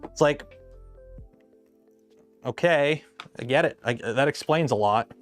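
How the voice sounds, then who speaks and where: A man's voice: mid-range voice, slow, soft background music. A young man chatting casually and rambling on tangents while he works on a build during a livestream. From Canada. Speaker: livestream host.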